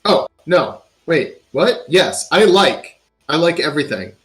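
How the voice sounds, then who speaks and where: A man's voice: fairly high pitch, big pitch swings, a little slow, fairly bright tone, soft background music, pitched above the performer's own voice. A man voicing a cheerful, eager talking pack pig in a tabletop game. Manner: cheerful, eager, dim-witted.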